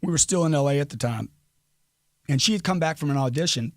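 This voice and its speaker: A man's voice: a little high, fast talker, dry recording, studio quality. Brash, emphatic middle-aged man. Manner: brash, emphatic, crude motivational talk. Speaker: guest. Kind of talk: podcast interview.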